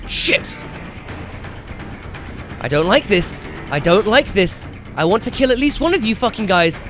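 A young man commentating his own gameplay as he plays, excitable and swearing loudly whenever things go wrong. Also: high-pitched, measured pace, over music. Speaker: gaming YouTuber.

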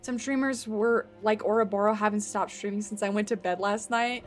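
A woman streamer giving excitable live commentary while playing a game, gasping often and swearing freely. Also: medium pitch, moderate pace, soft background music.

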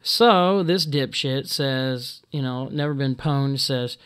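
A man talking to camera in a casual monologue, halting and full of ums and restarts, blunt and exasperated. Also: medium pitch, fairly bright tone, smooth. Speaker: video blogger.

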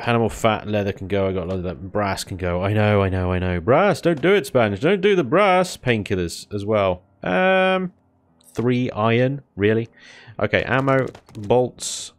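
A man giving casual let's-play commentary, chatting along, exclaiming at finds and taunting enemies. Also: low voice. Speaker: gaming YouTuber.

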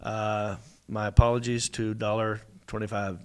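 A man's voice: lowish voice, little pitch movement, normal speed, a little mellow, clear, resonant tone. A man from the South, hosting a casual, joking podcast chat. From American South. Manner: joking, laughs often. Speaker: podcast host.

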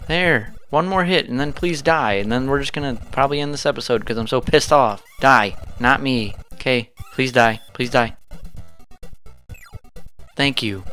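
Cursing, frustrated gaming host. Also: male voice, mid-range voice, moderate pace, a bit bright, faint music behind. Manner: frustrated, swearing, talking to the game. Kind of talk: casual gameplay commentary.

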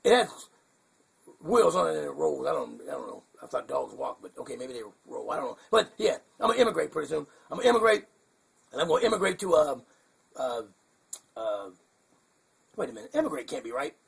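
A man doing a raspy, goofy bird puppet. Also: on the high side, big pitch swings, a little fast, long pauses, pitched below the performer's own voice, heavily acted. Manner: rambling, muddled, chuckling. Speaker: hand puppet co-host. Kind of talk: puppet comedy show.

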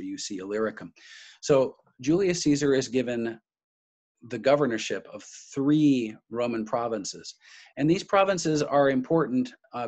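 Man, history lecturer, mid-pitched, loose unscripted delivery with restarts and stressed names. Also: a little mellow. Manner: restarts phrases often, stressing key names.

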